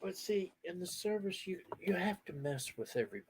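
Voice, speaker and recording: A middle-aged man hosting a casual outdoor chat, telling animated stories and laughing often. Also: high voice, a little fast, a little hiss or hum. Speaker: host.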